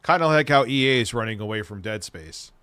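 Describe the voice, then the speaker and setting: A man's voice: medium pitch, lively intonation, fairly quick, sharp tone, clean tone. A man hosting a casual livestream, chatting with viewers in a rambling, enthusiastic way and swearing freely. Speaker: streamer host.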